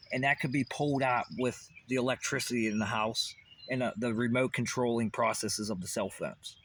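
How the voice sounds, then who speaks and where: A man's voice: mid-range voice, bright, forceful tone, a little hiss or hum. A man delivering a rambling, intense monologue as a vlogger, swearing often and repeating questions.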